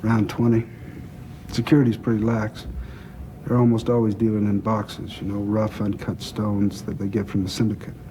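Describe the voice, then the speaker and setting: A gruff, blunt old crime boss, played by an older actor talks in a low, dark, gravelly voice. He is profane and plain-spoken. This is a scene from a crime film. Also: flat delivery, moderate pace, a little hiss or hum, close to an everyday voice. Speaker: crime boss planning a heist. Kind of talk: film dialogue.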